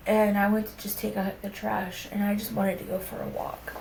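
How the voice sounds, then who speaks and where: A woman's voice: mid-range voice, flat delivery, moderate pace, creaky, darkish tone. A young woman speaking candidly and rawly, telling a personal story in conversation and swearing casually. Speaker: podcast guest. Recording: echoey room with faint background hum.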